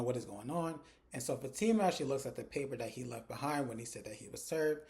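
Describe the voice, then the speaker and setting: Man casually recapping a TV episode. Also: mid-range voice. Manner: animated retelling, acting out characters' lines; chatty, addresses viewers directly. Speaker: TV recap reviewer.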